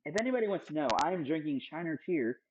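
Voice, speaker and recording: A young man streams himself cooking at home, loud and loose with plenty of profanity and jokes for his viewers. His voice sits a little high, with a faint hiss behind it. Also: expressive, quick pace, highs cut off. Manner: loud, profane, joking, reads chat aloud. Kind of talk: casual live-stream cooking chat. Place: home kitchen. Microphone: streaming setup with several cameras.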